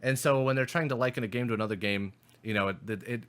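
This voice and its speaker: A man's voice: medium pitch, fast talker, smooth. A young man co-hosting a podcast, talking casually and animatedly about video games, swearing often and restarting his sentences. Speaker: podcast co-host. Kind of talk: casual gaming chat.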